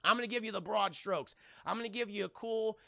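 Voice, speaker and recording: A man's voice: high voice, brisk, gravelly, pushed and bright, no echo, pitched above the performer's own voice, heavily acted. A man doing a casual, cussing alien father. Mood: earnest. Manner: casual, profane retelling of a grand speech. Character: solemn alien father explaining his lost world.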